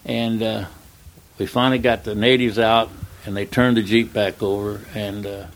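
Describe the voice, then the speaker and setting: An older man, a retired stuntman, telling a long anecdote in an interview, acting out the dialogue in plain, relaxed speech. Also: on the low side, normal speed. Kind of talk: storytelling in an interview.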